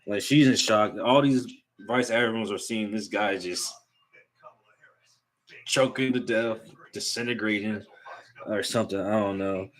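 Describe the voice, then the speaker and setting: A young man casually recapping a manga chapter, excitable and slangy, reading out the characters' lines as he goes. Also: on the low side, unhurried, long pauses, low-quality recording.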